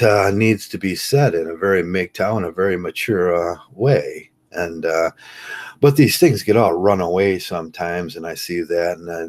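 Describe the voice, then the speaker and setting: A man talking casually to camera in a rambling, halting way, full of fillers and restarts. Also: deep voice. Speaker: channel host.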